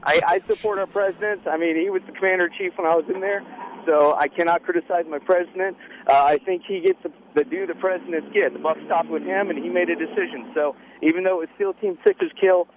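A young male caller, an Air Force veteran, talks on a slightly dull phone line. He is polite and deferential, and his voice sits fairly high. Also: fairly even intonation, fast talker, a little hiss or hum. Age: young adult. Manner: polite, deferential, says sir. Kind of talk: phone-in talk.

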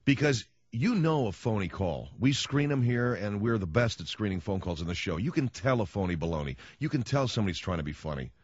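A man's voice: on the low side, expressive, fairly quick, few pauses, darkish tone, no echo, dull audio. A man hosting a radio talk show, telling stories in a wry, sarcastic way and acting out little quotes. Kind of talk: casual radio monologue. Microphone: studio microphone.

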